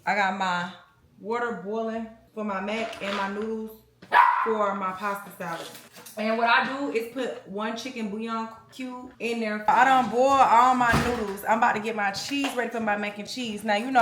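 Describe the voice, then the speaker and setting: A young woman chatting casually to camera for her vlog, her voice sitting at an ordinary middle pitch. She talks in a loose, informal way, as if to friends. Car and road noise runs clearly underneath. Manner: chatty, loose and informal, addresses viewers as cousins. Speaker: vlogger.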